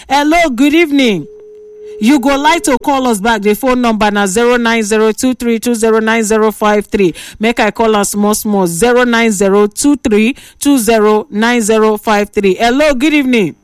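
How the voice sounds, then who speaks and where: A woman with a Nigerian accent hosting a call-in radio show, giving lively, scolding advice. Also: on the high side, moderate pace, smooth, dry recording, clean studio sound, recorded from a distance. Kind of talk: call-in radio talk in Pidgin.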